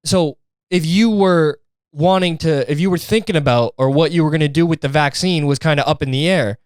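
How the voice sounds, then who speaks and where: A man's voice: fairly high pitch, a little fast, smooth, no room sound. A young man hosting a solo podcast, ranting in a sarcastic, profane, fired-up way into a close mic. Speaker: podcast host. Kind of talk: casual solo podcast rant.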